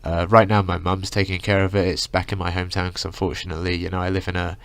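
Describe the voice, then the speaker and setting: Young man, casual storytime rant, low gravelly voice, rambling, dry close sound. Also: little pitch movement, fast, fairly bright tone, no room sound. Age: young adult. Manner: rambling, full of "like" and "you know". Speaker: vlogger.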